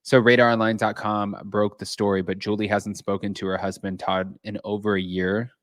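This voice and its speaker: A man's voice: fairly low pitch, little pitch movement, moderate pace, a bit bright, no room sound, clean studio sound. A man hosting a casual chat show from home, talking to his viewers and reading news stories aloud. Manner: chatty, reads news aloud. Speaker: host.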